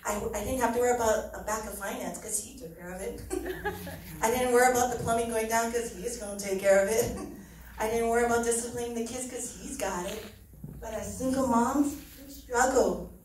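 A middle-aged woman shares an earnest, heartfelt church testimony in a church hall, laughing often as she talks. Her voice is fairly high, a little fast and a little mellow. The mic sits far off in a very echoey hall.

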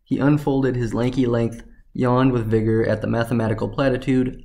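A man narrating a science fiction story in a steady, even reading. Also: mid-range voice, normal speed, vocal fry.

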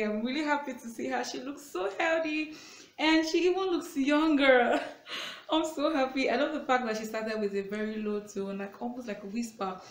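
A woman hosts a reaction video, pouring out eager, gushing praise as she talks. Her voice sits a little high. The room around her is echoey and lively. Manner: gushing, enthusiastic fan talk.

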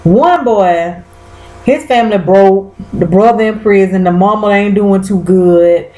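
Slow-talking, animated woman. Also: medium pitch, echoey room, low-quality recording. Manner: animated, slangy, exclaiming to viewers. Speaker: TV episode recapper. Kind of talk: casual recap chat.

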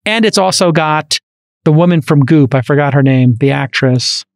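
A man with a Brooklyn accent hosting a podcast interview, talking in an animated, rambling way full of fillers and restarts into a studio microphone. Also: a little high, moderate pace, no room sound. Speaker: podcast host. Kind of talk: casual interview chat.

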